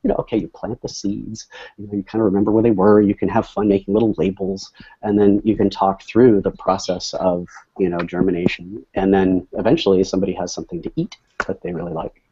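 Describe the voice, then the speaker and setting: A man on a panel, talking casually and relaxed with many fillers. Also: on the low side, fairly quick, husky. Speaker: panel guest. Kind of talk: casual conversation. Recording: dull online video call audio.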